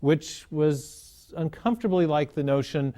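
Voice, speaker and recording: A man explaining cosmology in a measured lecture style, often restarting his phrases as he works through an idea. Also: on the high side, animated, mellow.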